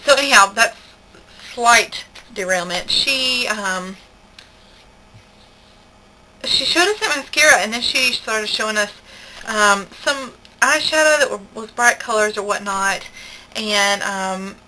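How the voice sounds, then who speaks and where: A woman's voice: mid-range voice, slow pace, long pauses, bright, forceful tone, slight background noise, low-quality recording. A young woman with a Southern American accent, telling a story in a chatty, indignant way for her vlog. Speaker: vlogger.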